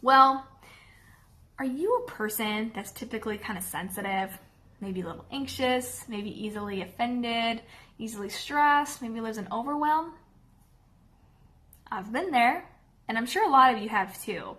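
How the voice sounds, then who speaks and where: A woman's voice: fairly high pitch, unhurried, long pauses, pushed and bright. A woman dog trainer talking casually to camera, chatty and candid, often checking in with her viewers.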